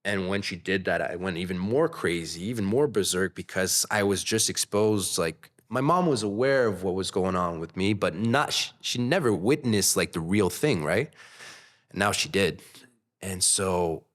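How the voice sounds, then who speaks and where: Low-voiced man telling a candid story. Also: normal speed. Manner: candid, animated retelling with voiced quotes. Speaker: guest. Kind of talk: casual storytelling.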